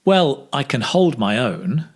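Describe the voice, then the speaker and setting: A man teaching English speaking, modelling phrases slowly with exaggerated intonation for learners to repeat. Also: medium pitch, sing-song, creaky, slightly rough. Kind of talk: slow, clear pronunciation drill.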